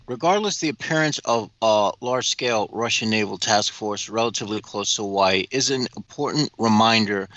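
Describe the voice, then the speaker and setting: A man's voice: lowish voice, bright, forceful tone, dry recording. A man co-hosting a casual livestream chat, hesitant and repeating words, sometimes reading news aloud. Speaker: co-host.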